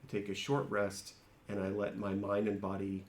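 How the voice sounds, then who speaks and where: A man's voice: lowish voice, completely flat delivery, normal speed. A man playing a tabletop game, explaining his character at length with frequent restarts. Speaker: player. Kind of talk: casual chat about a tabletop game. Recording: echoey room.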